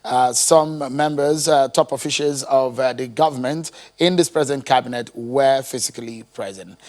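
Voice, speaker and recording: Man, TV news anchor, live broadcast, mid pitch, measured, some fillers. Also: a little mellow.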